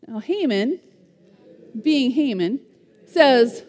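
A woman tells a Bible story as a lively lesson and keeps asking her listeners questions. Her voice is high with a warm, mellow tone. A long reverb trails behind her words. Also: extremely slow. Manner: animated, asks the listeners questions. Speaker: teacher retelling a Bible story.

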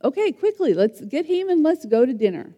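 An eager, commanding king, as a woman storyteller puts him on for a lesson. The voice is high and animated, with a mellow tone. It rings out into a long hall reverb. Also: a little fast. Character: eager commanding Persian king, adult man.

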